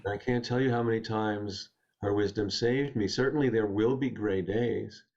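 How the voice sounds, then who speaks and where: Gentle reflective man, low voice. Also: steady tone, moderate pace, highs cut off. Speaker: guest poet. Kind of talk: reflective storytelling and poetry reading.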